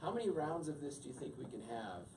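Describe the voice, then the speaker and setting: A man's voice: medium pitch, very animated, fast talker. A man giving a couples' workshop talk, speaking conversationally and quizzing his audience. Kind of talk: teaching a couples' class. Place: meeting room with an audience. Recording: distant mic with background noise.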